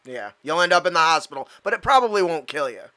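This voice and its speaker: Man, game master, high voice, gravelly, hesitant, bright and smooth. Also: big pitch swings, fast talker. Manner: hesitant, full of fillers, laughing often. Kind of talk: narrating a tabletop game.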